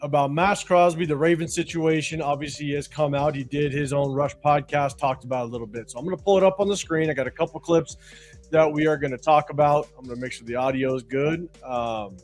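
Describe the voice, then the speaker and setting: A man co-hosting a sports fan livestream, relaxed, moving through clips and asking viewers to subscribe. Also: fairly high pitch, fast, faint music behind. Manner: relaxed, guides the clips, asks for subs. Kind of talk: casual livestream chat.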